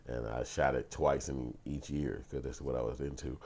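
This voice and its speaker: A man tells a story straight to his viewers, swearing freely and acting out both sides of a shouting match. His voice sits extremely low with a gravelly, fried edge. The tone is dark and husky. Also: normal speed. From Chicago. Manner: profane, animated storyteller acting out heated confrontations. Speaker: vlogger and filmmaker. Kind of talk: casual storytelling vlog.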